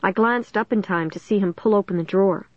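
A woman reading a first-person story aloud in a plain, steady storytelling manner. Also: medium pitch, brisk, dry recording, highs cut off. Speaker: audiobook narrator.

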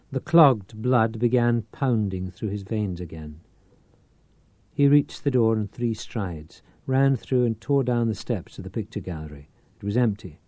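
A man reads a thriller aloud in a tense, dramatic style, quickening and slowing with the action. His voice sits fairly low, and the sound is dry and close. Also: dark tone, no room sound. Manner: dramatic, tense storytelling with varied pace. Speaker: audiobook narrator. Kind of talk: scripted narration.

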